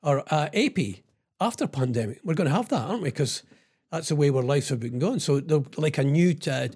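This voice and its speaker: A man's voice: on the high side, animated, brisk, darkish tone, husky. A middle-aged man hosting a radio show, rambling through the news with sarcastic asides and tag questions. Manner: sarcastic about politics. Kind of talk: casual radio talk reading out news items.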